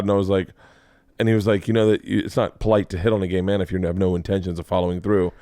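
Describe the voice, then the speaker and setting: A man with a lowish voice tells a rambling comic story on a podcast, jumping into the voices of the people he quotes. The sound is dry and close, with no room around him. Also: quick pace, no room sound. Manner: animated storyteller who acts out quotes. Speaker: podcast host. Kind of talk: casual storytelling chat.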